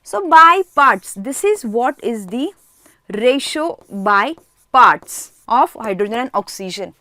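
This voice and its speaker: A woman with a fairly high voice teaches a chemistry lesson, recorded dry and close. She keeps asking her students questions and answering them herself, and she repeats key words for emphasis. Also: very animated, slow, sharp tone, dry recording. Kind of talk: online classroom lesson.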